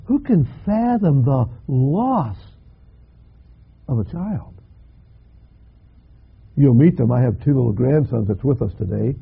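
Older man, impassioned pastor, raspy and lively delivery, dull lo-fi sound. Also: takes it slowly, long pauses. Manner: dramatic, impassioned preaching with big swells in pitch and volume. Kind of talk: sermon. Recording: dull lo-fi recording.

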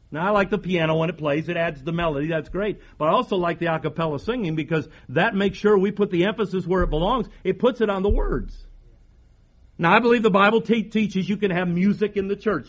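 A man preaching a sermon as pastor, emphatic, repeating phrases and firing rhetorical questions at the congregation. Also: high-pitched.

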